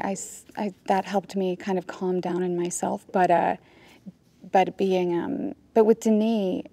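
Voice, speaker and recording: A woman in her forties, an actress at a roundtable, talking in a thoughtful, halting way. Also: medium pitch, gravelly, mellow, husky. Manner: thoughtful, halting, with many restarts. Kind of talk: casual roundtable conversation. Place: studio with a group of guests.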